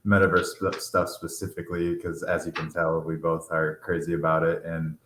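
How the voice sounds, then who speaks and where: Low voiced guy rambling on a podcast, kinda echoey room, laughs a lot. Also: monotone, fairly quick, fairly bright tone, slight background noise. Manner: rambling, restarts, laughs easily. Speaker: podcast host. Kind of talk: casual chat. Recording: roomy echo.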